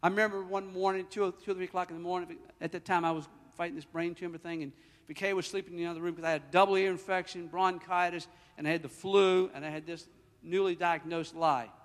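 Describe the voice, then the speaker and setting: A man delivers a sermon as pastor, his voice sitting high for a man. He is emphatic, swinging from loud declarations to hushed, close storytelling. The sound carries a long reverb, as in a large hall. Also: steady tone, quick pace.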